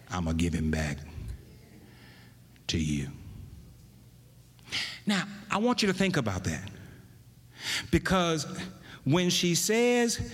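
A man preaching a sermon, swinging between loud emphasis and hushed, near-whispered lines. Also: a little high, huge pitch swings, slow, long pauses. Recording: long reverb of a large hall.

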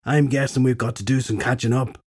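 A sly male warrior from an audiobook talks in a cocky, wisecracking way, voiced by a man. The voice is dark and husky, and it sits close to the narrator's own. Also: medium pitch, fairly even intonation, fairly quick, no room sound, natural voice. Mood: casual.

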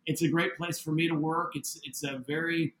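High, bright-voiced man telling a story. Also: moderate pace, echoey room, a little hiss or hum, poor audio. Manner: animated, acts out quoted dialogue. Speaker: interview guest, building owner. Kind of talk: casual spoken storytelling.

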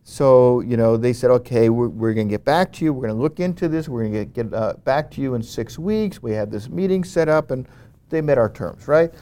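Animated man telling a story. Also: medium pitch, a little fast. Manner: animated, frequent "you know" fillers and restarts. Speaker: interview guest. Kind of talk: conversational storytelling.

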